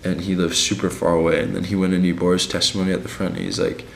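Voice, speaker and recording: A man's voice: deep voice, flat delivery, fast, creaky, roomy sound, a little hiss or hum. A young man on a mission, telling his week in a casual, slangy video diary. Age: young adult. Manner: laid-back and slangy, many fillers.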